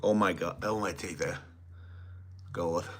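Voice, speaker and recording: A man's voice: deep voice, fairly even intonation, takes it slowly, a little hiss or hum. A man in his fifties with an Australian accent, hosting a casual livestream and joking crudely while reading viewer comments aloud. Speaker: host reading live chat.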